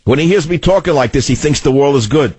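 A man with a New York accent hosting a talk radio show, talking loudly and combatively in a rambling monologue into a studio mic. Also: fairly high pitch, animated, quick pace, husky, no room sound.

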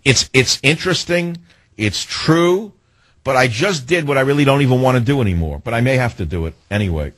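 A man's voice: mid-range voice, expressive, fairly quick, a bit bright, husky, no echo. A man hosting a talk radio show, taking callers and lecturing with sarcasm.

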